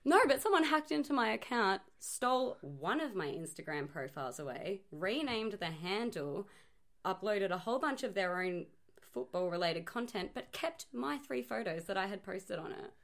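A woman's voice: mid-range voice, moderate pace. A woman from Australia, a podcast guest in casual chat, telling stories in a chatty way. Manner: chatty, animated storytelling.

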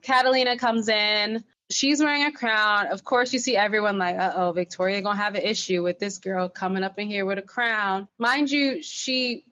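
A woman co-hosting a podcast in casual recap chat, animated and emphatic with quick asides. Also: mid-range voice, no echo, dull audio. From not from New York. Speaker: podcast co-host.

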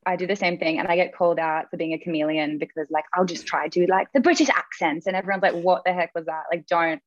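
A woman's voice: fairly low pitch, quick pace, no echo. A young Australian woman talks in a loose, chatty way, leaning on "like" between thoughts. Her voice comes over a remote call with a dry, slightly muffled sound. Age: 20s. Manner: chatty, filler-heavy, lots of "like". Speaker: radio host as guest. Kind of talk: casual interview chat. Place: home in the evening.

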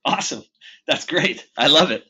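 A husky man musing in a casual chat. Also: mid-range voice, animated, normal speed, sharp tone, muffled recording. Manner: thoughtful, with many fillers and restarts. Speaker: podcast guest. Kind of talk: casual conversation.

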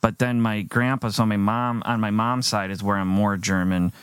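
American guy hosting a podcast, chatty and rambly, smooth clear voice, dry sound. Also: lowish voice, flat delivery, moderate pace, no echo. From United States. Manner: chatty, rambling with fillers and quoted asides. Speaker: podcast host. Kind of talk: casual interview chat.

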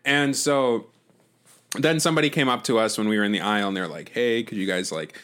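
A young man with a somewhat low voice tells a story in loose, casual chat. He rambles, piles on fillers and swears freely. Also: a little fast, fairly bright tone.

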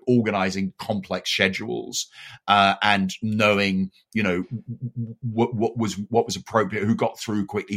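A man with an English RP accent talks in a relaxed discussion. His voice sits a little low. He is reflective and restarts sentences as he searches for the right words. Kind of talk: conversational discussion.

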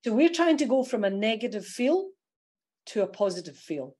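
A woman with a Scottish accent, a coach guesting on a podcast, explaining her ideas in a lively way and laughing often. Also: a little high, moderate pace, slightly rough. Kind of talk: casual podcast interview.

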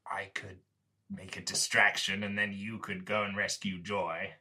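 Low-voiced calm male player. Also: unhurried. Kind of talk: casual tabletop play.

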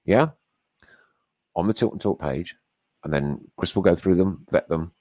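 Very deep-voiced man co-hosting. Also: a little slow, mellow, dry recording. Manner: chatty, reads out league standings. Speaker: podcast co-host. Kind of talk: casual football podcast chat. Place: small studio.

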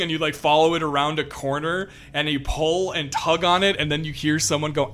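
A man's voice: fairly high pitch, fairly even intonation, moderate pace, few pauses, a bit bright. Man narrating a tabletop game. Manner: casual, descriptive, many fillers. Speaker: game master.

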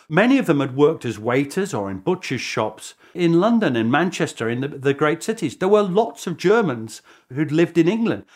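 A man, a historian, telling the story in an interview in an animated way, often chuckling and restarting his sentences. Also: a little high, husky. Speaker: historian guest.

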